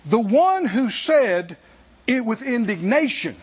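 A man's voice: high-pitched, big pitch swings, slow pace, long pauses, slightly rough, muffled recording. A man preaching a sermon as pastor, emphatic and repetitive in a church.

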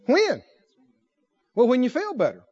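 A man preaching a sermon in an animated way, firing rhetorical questions and breaking into laughter. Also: high-pitched, moderate pace. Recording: dull lo-fi recording.

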